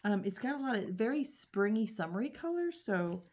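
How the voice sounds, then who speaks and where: A woman's voice: medium pitch, sing-song, moderate pace, a little mellow. A woman chatting casually to her phone camera at home as she unboxes yarn, with frequent ums and restarts. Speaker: crochet vlogger.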